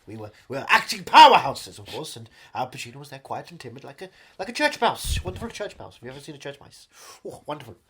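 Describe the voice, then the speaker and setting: A man doing an impression of a pompous older Welsh actor with a put-on Welsh accent, murmuring softly and repeating "wonderful". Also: mid-range voice, sing-song, fast, hardly any pauses, a little hiss or hum, voice pushed down.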